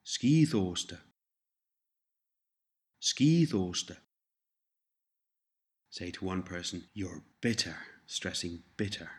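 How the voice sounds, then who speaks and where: A man narrating a scripted language course, giving slow, measured prompts and repeating each phrase twice. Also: low voice, fairly even intonation, fairly bright tone.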